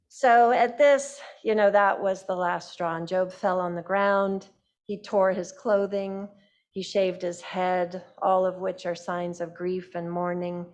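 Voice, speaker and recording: A woman's voice: lowish voice, steady tone, slow pace. A woman giving a sermon as a casual, chatty retelling, with fillers and light laughs. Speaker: lay speaker. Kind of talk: sermon storytelling.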